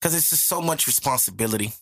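A man's voice: medium pitch, fast talker, gravelly. A young man co-hosting a podcast, chatting casually and acting out the lines of people in his stories. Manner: animated storyteller who acts out quotes. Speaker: podcast co-host. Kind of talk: casual chat.

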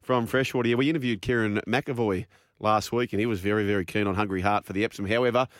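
A man's voice: lowish voice, steady tone, dry recording, studio quality. A man with an Australian accent hosting a sports radio show, breezy, giving tips and wrapping up segments. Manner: breezy, quick wrap-ups and tips. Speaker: radio host.

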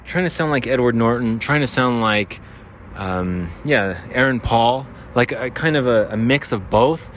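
A man's voice: medium pitch, measured pace, a bit bright. A man hosting his podcast, rambling and joking about himself in a nasal voice, recorded outdoors by a freeway. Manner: rambling, self-deprecating, jokey. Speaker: podcast host. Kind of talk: rambling casual monologue. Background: traffic and motorcycles.

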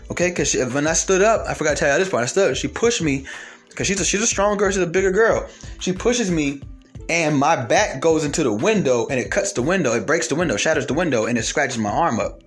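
A man, telling a story to camera in a blunt, animated rant. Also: a little high, breathy edge. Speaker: vlogger. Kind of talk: casual monologue to camera.

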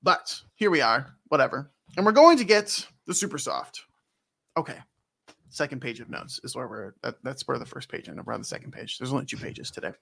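Bright, animated young man. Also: medium pitch, fairly quick, gravelly, breathy edge. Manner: rambling, joking, laughs often. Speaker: podcast co-host recapping a game. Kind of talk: casual chat.

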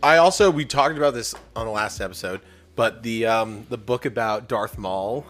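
A man's voice: on the low side, moderate pace, faint music behind. A man co-hosting a podcast in casual chat, telling stories animatedly, swearing and acting out what others said. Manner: animated storyteller, swears, acts out quotes. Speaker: podcast co-host.

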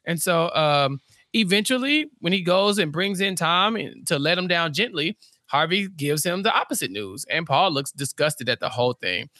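A woman's voice: on the low side, expressive, normal speed, fairly bright tone, dry recording, studio quality. A woman co-hosting a podcast, chatting casually as she recaps a show and acts out characters in exaggerated voices. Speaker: podcast co-host. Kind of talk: casual episode recap chat.

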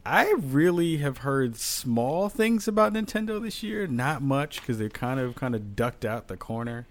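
A male podcast host keeps the conversation moving with jokes and asides. His voice sits at an everyday middle pitch. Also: very animated, measured pace. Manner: joking, loose moderator. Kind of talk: casual podcast chat.

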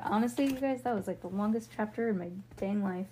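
A woman's voice: medium pitch, fast, mellow, a little hiss or hum. A woman reading a children's book aloud in a casual way, with slips and self-corrections. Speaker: storybook reader.

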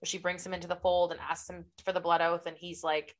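A woman co-hosting a casual book podcast, giving expressive, opinionated reactions. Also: fairly low pitch, a little fast. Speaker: podcast co-host.

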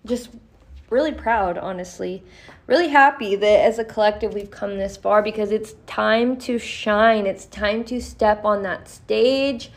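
A woman's voice: medium pitch, measured pace. A young woman giving a casual tarot reading on her podcast, talking in a blunt, profane and encouraging way. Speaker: tarot reader.

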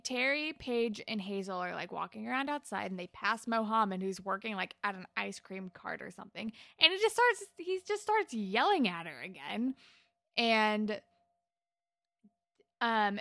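A woman's voice: a little high, gravelly, pushed and bright, dry recording, clean studio sound. A woman co-hosting a podcast, chatting casually as she retells scenes from a TV episode, frank and sometimes sweary. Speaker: podcast co-host. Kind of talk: casual chat recapping a TV episode.

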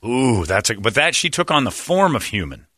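Loud, joking male podcast host. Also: mid-range voice, big pitch swings, normal speed, slightly rough, no room sound, studio quality. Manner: loud, joking, mocking, often laughing. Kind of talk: crude casual banter.

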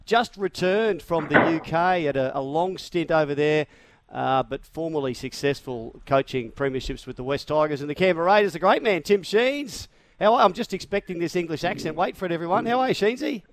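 Laughing Australian radio sports host. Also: male voice, fairly high pitch, brisk. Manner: jokey, laughs often. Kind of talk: casual sports radio chat.

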